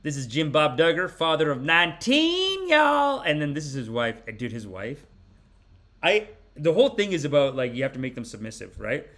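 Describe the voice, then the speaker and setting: A man in his forties hosting a podcast, giving rambling, animated, mock-preachy comic commentary. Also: mid-range voice, fairly quick. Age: 40s. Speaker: podcast host. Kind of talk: comedic commentary.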